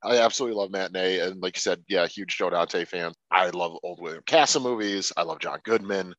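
Lively guy ranting casually about bad movies, swears a lot, dry dull audio. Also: a little fast, no room sound. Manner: animated, swearing, mimics people in sudden high voices. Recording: dull lo-fi sound.

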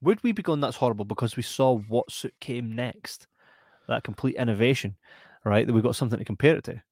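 A Scottish man hosting a podcast, lively and quick to laugh as he reads viewer comments aloud. His voice sits at an ordinary middle pitch. The sound is dry and close, with no room around it. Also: no room sound. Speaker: podcast host. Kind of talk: casual chat.

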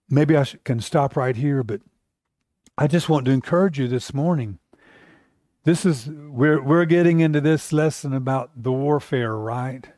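A man's voice: fairly high pitch, a little mellow, dry recording, studio quality. A middle-aged man preaching a sermon as a pastor, telling a personal story in an earnest, conversational way. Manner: storytelling, earnest and conversational, with acted-out inner quotes.

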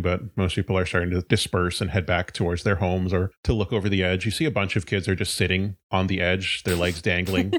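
A man serving as game master, narrating a tabletop game in a relaxed, descriptive way. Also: sits low, a little fast, hardly any pauses, no echo.

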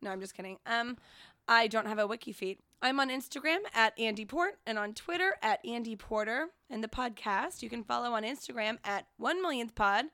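A woman co-hosts a podcast and keeps up a stream of teasing one-liners in casual chat. Her voice sits a little high, and the recording is dry and close. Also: expressive, bright, forceful tone, no echo. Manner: teasing, quick quips. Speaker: podcast co-host.

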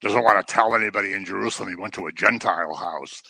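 A man's voice: low-pitched, quick pace, bright, forceful tone, slightly rough, dry recording, rough recording. A man preaching a conversational sermon, full of joking asides and everyday stories.

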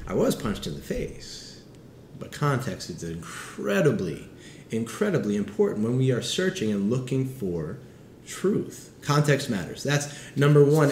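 Male pastor, 30s, lively conversational preaching, roomy echo, faint background noise. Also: medium pitch. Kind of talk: sermon. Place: city setting with background street noise.

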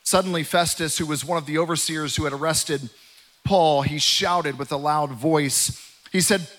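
A male pastor delivers a sermon with animated energy, acting out the voices from the text. His voice sits high and bright. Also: moderate pace. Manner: animated, acts out scripture voices.

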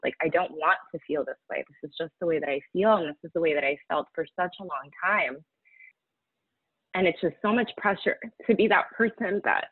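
A woman speaking candidly in an interview, halting and emotional, close to tears at times. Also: lowish voice, no room sound. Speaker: guest sharing a personal story. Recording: tinny phone-like audio.

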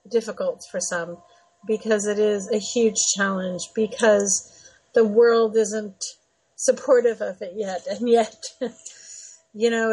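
Breathy chatty woman radio host. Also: medium pitch, warm tone, low-quality recording. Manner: chatty, laughs often, earnest. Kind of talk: casual radio talk.

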